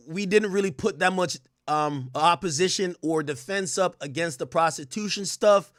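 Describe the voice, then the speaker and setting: High, bright-voiced joking streamer man. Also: no room sound, studio quality. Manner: animated, joking, profane, laughs often. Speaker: livestream host. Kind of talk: comedic legal commentary stream.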